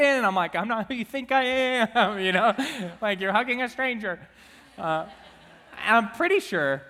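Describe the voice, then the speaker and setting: A man's voice: a little high, pushed and bright, big-room sound. A young man and student minister giving a chatty, joking sermon to his church. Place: church sanctuary.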